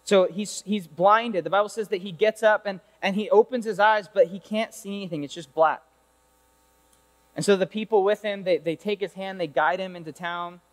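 A male youth pastor tells a Bible story in an animated, chatty way, pausing to fire rhetorical questions at the room. His voice sits high for a man, and each phrase rings out into the long reverb of a large hall. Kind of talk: sermon.

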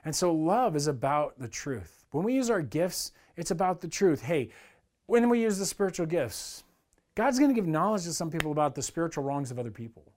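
Pastor, male, fairly high voice, earnest conversational sermon delivery. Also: very animated, a little fast, a little mellow. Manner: earnest, conversational preaching that acts out quoted complaints.

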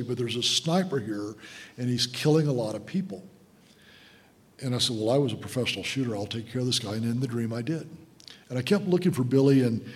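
A man in his sixties preaching a sermon, telling an emotional story and calling the listeners guys. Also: medium pitch. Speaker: guest preacher. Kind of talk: sermon testimony. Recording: long hall reverb.

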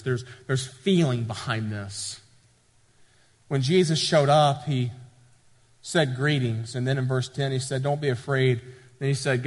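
Preacher in a reverberant church. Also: male voice, medium pitch. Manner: preaching with rising emphasis and repetition. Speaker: pastor. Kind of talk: sermon.

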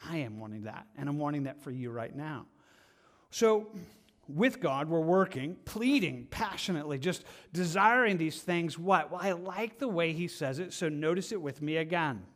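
A man's voice: on the high side, animated, normal speed, a bit bright. A man preaching a verse-by-verse sermon from a church stage, earnest and impassioned, often stumbling and restarting as he reaches for words. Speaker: pastor.

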